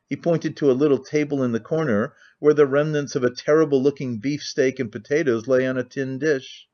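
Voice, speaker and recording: A man narrating an audiobook in a measured, even way, on a muffled lo-fi recording. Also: mid-range voice. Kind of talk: audiobook reading.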